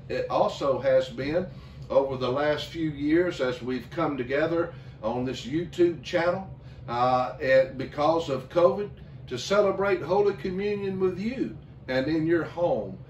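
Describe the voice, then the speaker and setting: A male pastor leading a communion service, talking slowly with many fillers and restarts. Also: a little high, a little hiss or hum. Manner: slow, halting, with many fillers. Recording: echoey room, mic at a distance.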